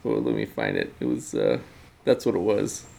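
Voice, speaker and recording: A man's voice: a bass voice, big pitch swings, moderate pace, creaky, darkish tone. A man co-hosting a podcast in casual chat, explaining a point at length and restarting sentences as he thinks aloud. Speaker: podcast co-host.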